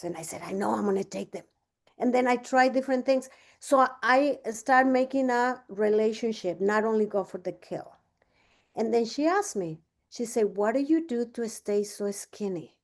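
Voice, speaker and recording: A woman leads a casual business training, her voice sitting a little high. She tells stories with lots of fillers and restarts, acting out both sides of each conversation. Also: moderate pace, darkish tone. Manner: chatty, many fillers and restarts. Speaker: business coach. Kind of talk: casual training talk with storytelling.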